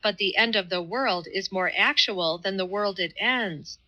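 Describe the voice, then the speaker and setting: A woman's voice: medium pitch, bright, forceful tone, lo-fi sound. Woman reading as a fervent, earnest young man. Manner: laborious, fervent, deliberate. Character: earnest Highland man, devout, intense. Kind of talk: audiobook reading.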